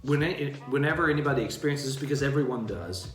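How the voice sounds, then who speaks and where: A man co-hosting a casual live-stream chat and speaking in a measured, reflective way. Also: medium pitch, reverberant, faint music behind. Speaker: co-host, opera singer.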